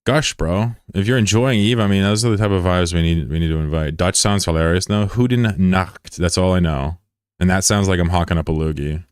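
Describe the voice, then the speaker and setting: A man's voice: low voice, steady tone, fairly quick, clean tone, dry recording, studio quality. A young man chatting casually on a game livestream, joking and sarcastic in a rambling way. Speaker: game streamer.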